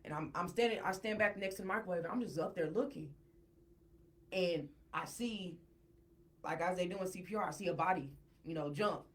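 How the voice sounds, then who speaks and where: A woman guest on a podcast, telling a personal story in a casual, animated way and repeating words when she gets worked up. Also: on the low side, fairly quick.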